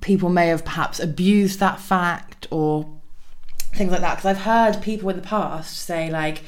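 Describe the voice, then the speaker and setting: Woman, podcast co-host; slightly low pitch, casual and halting. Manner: conversational, hesitant when searching for words.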